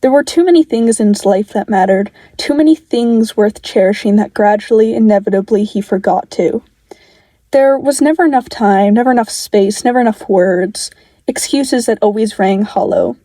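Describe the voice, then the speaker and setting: Woman reading fan fiction, mellow and dry. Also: mid-range voice, moderate pace, no echo, rough recording. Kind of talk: audiobook-style story reading.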